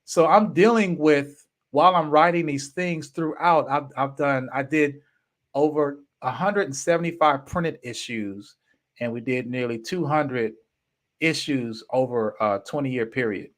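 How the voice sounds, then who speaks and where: A man in his fifties, a podcast host, telling a personal story in an animated, emphatic way with casual slang. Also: a little high, a little slow.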